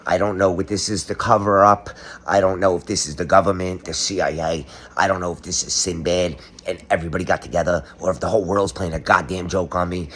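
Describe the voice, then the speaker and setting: A man's voice: low-pitched, fairly even intonation, a little fast, fairly bright tone. A middle-aged man doing a comedic monologue, ranting sarcastically as if exposing a conspiracy. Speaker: comedic commentator.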